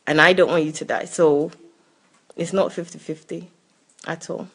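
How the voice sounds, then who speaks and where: A woman's voice: low-pitched, steady tone, moderate pace, fairly bright tone, husky. A woman co-hosting a live question-and-answer talk, reading viewer comments and reacting openly.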